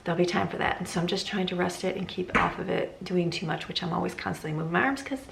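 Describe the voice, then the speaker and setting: A woman's voice: on the low side, quick pace, gravelly, a bit bright. A middle-aged woman vlogging from her home in a chatty, rambling way, laughing often. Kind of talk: casual chat. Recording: echoey room with faint ambient noise.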